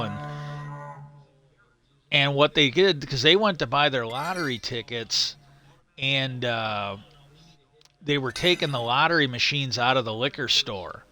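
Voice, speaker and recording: A man's voice: mid-range voice, expressive, measured pace, pauses often, bright, forceful tone. A middle-aged man chatting casually on a live stream while gaming, retelling a story in a rambling, stop-start way.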